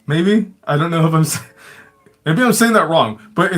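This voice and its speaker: A man's voice: fairly high pitch, big pitch swings, a little slow, soft background music. A man hosting a show, telling his own stories casually, swearing constantly and chuckling often. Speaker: show host. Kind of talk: casual storytelling.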